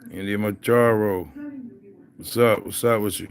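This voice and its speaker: Deep-voiced Philly man chatting on a livestream. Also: steady tone, unhurried, vocal fry. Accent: Philadelphia. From Philadelphia. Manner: loose, rambling, talks straight to viewers. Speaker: livestream host. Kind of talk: casual livestream chat.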